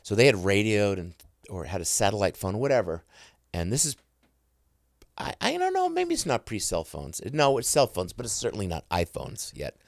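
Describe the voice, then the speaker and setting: Lively middle-aged man telling stories. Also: on the low side, moderate pace, creaky, no room sound, studio quality. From United States. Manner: excitable, self-interrupting, mimics sounds. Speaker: guest. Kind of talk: animated storytelling.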